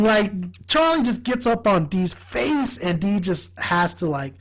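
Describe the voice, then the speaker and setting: Male vlogger with a high voice. Casual, excitable, profane fan-review delivery. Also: unhurried, rough recording. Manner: rambling and excitable, laughs often, swears freely. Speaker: TV show reviewer.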